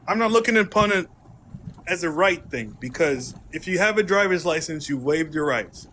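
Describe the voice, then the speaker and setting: A man's voice: a little high, expressive, normal speed, sharp tone, slight background noise. A man in a heated casual debate, insistent and interrupting, repeating his points. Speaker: host.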